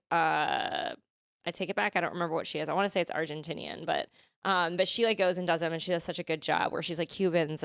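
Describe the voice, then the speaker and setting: Woman from california rambling on a podcast, lots of "like", lowish voice, dry close mic. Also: a bit bright, smooth, dry recording. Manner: rambling, many "like" fillers and restarts. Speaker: guest. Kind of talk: casual podcast chat.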